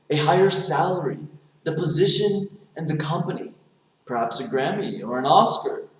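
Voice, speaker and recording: Man telling a story in an echoey room. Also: a little high. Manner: animated, acts out dialogue in the telling. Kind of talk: motivational storytelling.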